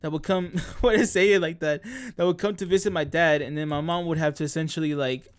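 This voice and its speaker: Brief: male streamer, casual rambling chat, slightly higher voice, laughs between self-corrections. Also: steady tone, quick pace, clean tone.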